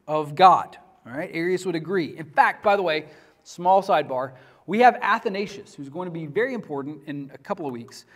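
A man's voice: on the high side, a little fast. A man lecturing a class on church history in a conversational way, often asking the students questions.

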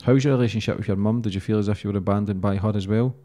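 A man's voice: lowish voice, fairly even intonation, rapid-fire, dark tone. A man hosting a podcast interview, frank and supportive, swearing casually. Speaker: podcast host.

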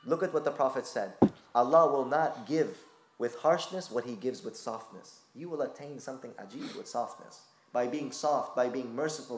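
Male preacher, impassioned storyteller; echoey lecture room. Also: mid-range voice. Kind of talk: sermon.

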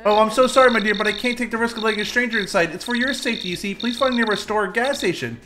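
A doting old granny neighbor, played by a woman, polite but firmly cautious. She fusses sweetly in a soft, caring way, as if from a game scene. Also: on the high side, rapid-fire, over music, lightly acted. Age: older.

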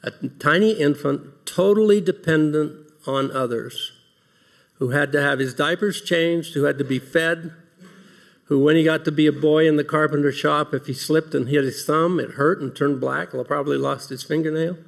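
Gravelly-voiced man giving a devotional talk. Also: fairly high pitch, fairly even intonation, moderate pace. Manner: earnest, asks rhetorical questions; reads scripture passages aloud. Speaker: speaker giving opening remarks. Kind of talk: devotional talk to a large audience.

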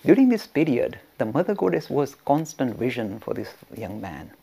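A man teaching religious history by storytelling, animated and laughing, often restarting his sentences. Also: medium pitch, moderate pace, creaky, husky. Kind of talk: storytelling lecture.

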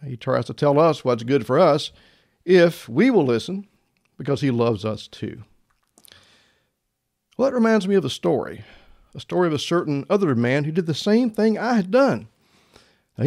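A man's voice: medium pitch, creaky, darkish tone. A male pastor giving a sermon in a conversational storytelling manner, often asking his listeners questions. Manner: conversational, asks the audience questions.

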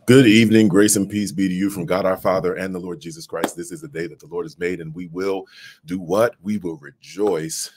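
A pastor in his late thirties livestreams a devotional talk from his office, speaking into a mobile phone. His deep, darkish voice is fairly even in intonation and a little fast, with a slight hiss or hum, as he uses a preacher's cadence and calls out to his audience.

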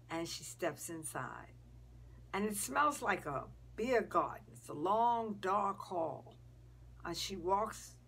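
A woman telling a story casually, dropping into breathy whispers and pausing with fillers. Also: medium pitch, a bit bright, a little hiss or hum.

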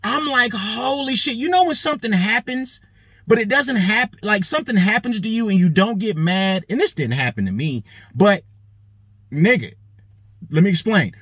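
A man's voice: high-pitched, normal speed, husky, no echo. A man hosting a show, telling a story in a profane monologue and acting out the lines of the people in it. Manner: animated, swears heavily, acts out quoted lines. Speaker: show host.

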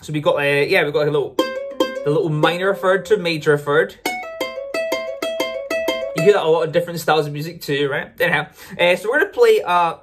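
Friendly ukulele tutor, casual lesson delivery, mid-range voice, loud ukulele in the mix. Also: medium pitch, fairly quick, long pauses, loud music behind the voice. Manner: chatty, upbeat, often corrects itself mid-sentence. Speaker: ukulele teacher. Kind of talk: casual instructional explanation. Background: ukulele playing between phrases.

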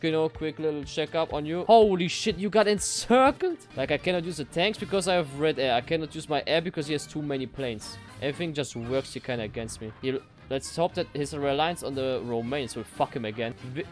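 A young man commenting on his strategy game as he plays, excitable and swearing, swinging from low mutters to sudden shouts. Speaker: gaming streamer.

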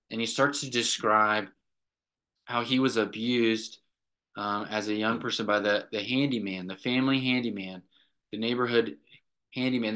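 Middle-aged guy therapist telling a session story, bright clear tone, keeps tagging "right?". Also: fairly low pitch. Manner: earnest storytelling, often tags "right?". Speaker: clinical director and therapist. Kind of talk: recounting a therapy session to a group.

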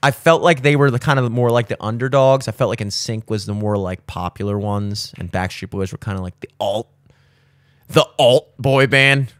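A man's voice: brisk, few pauses, dry recording, studio quality. A man in his thirties, hosting a podcast in casual chat, with profane, opinionated rambling. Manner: profane, opinionated rambling with animated jumps in pitch. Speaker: podcast host. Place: studio.

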